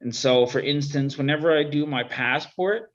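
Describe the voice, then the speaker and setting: A man's voice: on the high side, normal speed. A man chatting casually on a video call, laid-back, swearing now and then and trailing off into mumbles. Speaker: guest on a video-call chat show. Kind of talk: casual chat. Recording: dull lo-fi video call audio.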